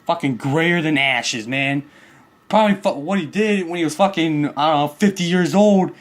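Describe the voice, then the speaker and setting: A man's voice: on the high side, normal speed. A man hosting his own video channel, delivering an angry, crude, swear-filled rant about a neighbor. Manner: crude, heated, swearing constantly.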